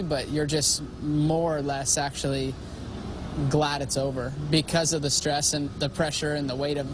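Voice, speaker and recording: Man giving halting interview answers, slightly high voice, outdoor clip with clear traffic and engine noise. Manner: halting, thoughtful. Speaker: interviewed racer.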